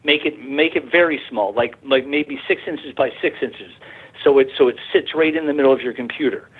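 A man's voice: mid-range voice, fairly quick, breathy edge. A man telling a long personal story as a guest on a radio talk show. He rambles, stumbles and repeats himself, and gets worked up as he goes. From Arizona, USA. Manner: rambling, repeats words and restarts, grows excited. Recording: tinny phone line.

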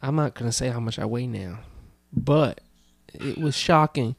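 A man's voice: mid-range voice, moderate pace, creaky, no room sound, clean studio sound. A young man hosting a podcast, chatting casually and joking with friends. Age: young adult. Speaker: podcast host. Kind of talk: casual chat.

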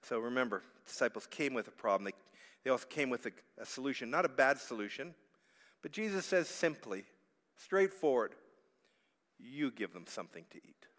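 A man's voice: mid-range voice, animated, normal speed. Man preaching in a reverberant hall. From Canada. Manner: dynamic, swings from hushed to loud pleading. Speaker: pastor. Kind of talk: sermon. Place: church sanctuary.

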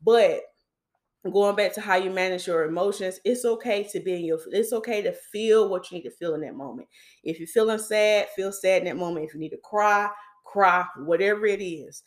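A woman's voice: mid-range voice, moderate pace. A young woman hosting a podcast, talking casually and confidingly about her day and her faith, often repeating herself for emphasis. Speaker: podcast host. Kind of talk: casual personal faith talk.

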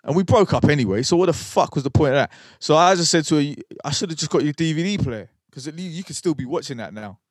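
Man, podcast co-host, swears freely, slightly high voice. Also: expressive, fast, hardly any pauses, no room sound. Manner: sweary storytelling, acts out quoted voices. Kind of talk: casual chat.

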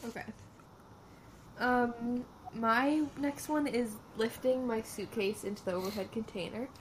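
A young woman with a fairly high voice chats as a podcast co-host and breaks into giggles as she retells things. Her talk is loose and animated. A faint ambient hiss runs under it. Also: a little slow. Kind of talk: casual chat.

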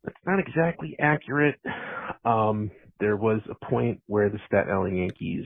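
Gravelly New man on a phone line. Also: fairly low pitch, animated, moderate pace, no room sound. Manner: earnest, correcting, many fillers. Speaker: caller. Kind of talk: voicemail message.

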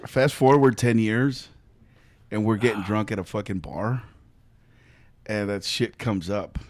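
A man's voice: fairly low pitch, measured pace, dry recording. A man co-hosting a podcast, telling a story in casual chat with lots of swearing and laughter. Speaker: podcast co-host.

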